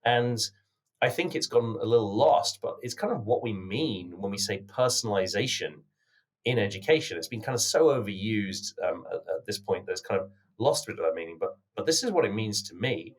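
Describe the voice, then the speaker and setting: A man with a British accent, from the United Kingdom, talking as a podcast guest in an earnest, measured way with many filler words. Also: lowish voice, expressive. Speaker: podcast guest, company founder. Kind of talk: conversational interview answers.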